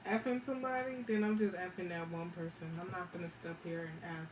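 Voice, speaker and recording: A young woman, telling a story in a slangy, animated, casual way with frequent laughs. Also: on the low side, quick pace. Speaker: vlogger. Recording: echoey room with background noise.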